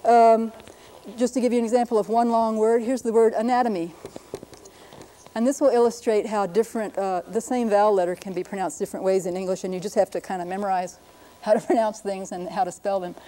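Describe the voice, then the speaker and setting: A woman linguist presenting a televised lesson, explaining briskly and sounding out words to demonstrate them. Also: medium pitch, fairly even intonation, mellow, slight background noise, poor audio. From United States.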